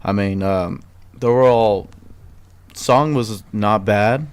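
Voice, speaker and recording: A man's voice: fairly low pitch, slow, smooth. A man co-hosting a casual music critique show, blunt and repeating his points for emphasis. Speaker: co-host.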